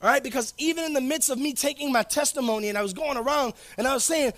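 High-voiced emphatic preaching man. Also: fast talker, hardly any pauses, dry recording, clean studio sound. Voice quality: informal slangy delivery. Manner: emphatic, repeats key phrases, swings between loud declarations and low asides. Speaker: pastor. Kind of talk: sermon.

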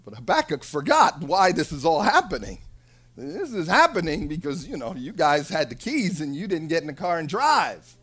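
A preacher delivering a dramatic sermon, swinging between hushed asides and loud declarations. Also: medium pitch, sing-song, normal speed, slightly rough.

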